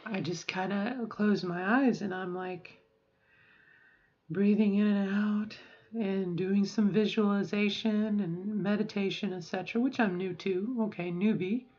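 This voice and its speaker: A middle-aged woman talks through a personal video diary in a reflective, halting voice, pausing often and circling back on her words. Her voice sounds a little strained and sore, and her pitch sits in an ordinary middle range. The audio is slightly dull and lo-fi. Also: steady tone, darkish tone. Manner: reflective, halting, with frequent fillers and restarts. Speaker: vlogger. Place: at home.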